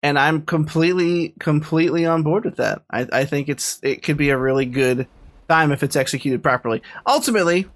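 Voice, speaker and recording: A man's voice: a little high, a little fast. A man co-hosts a casual podcast, his voice sitting a little above the usual male range. He rambles with enthusiasm and restarts often. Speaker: podcast co-host. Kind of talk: casual chat.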